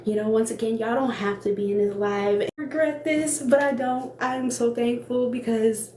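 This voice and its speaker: A woman's voice: on the high side, fairly even intonation, moderate pace, warm tone. A young woman chats casually and earnestly on a phone live stream, laughing often and circling back over her words. She is emotional, close to tears. Her voice rings in an echoey room with a faint hiss of noise behind it. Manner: chatty and earnest, laughs often, repeats herself. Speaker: small cosmetics business owner hosting a live stream. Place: indoor room, makeup workspace.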